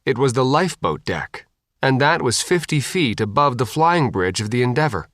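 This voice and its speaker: A man narrating an audiobook in an expressive, animated reading. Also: medium pitch, moderate pace, no echo, clean studio sound.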